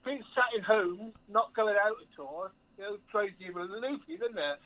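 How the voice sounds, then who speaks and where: Man from Somerset, phone-in caller, high voice, hesitant chat, muffled line. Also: animated, normal speed. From Somerset, England. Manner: chatty, plain-spoken, hesitant with ums. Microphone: telephone.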